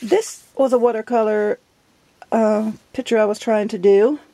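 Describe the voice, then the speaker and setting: A woman's voice: on the high side, fairly even intonation, a little slow, warm tone. A middle-aged woman chatting casually while flipping through her journal, giggly and self-deprecating. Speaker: journal vlogger. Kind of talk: casual show-and-tell chat.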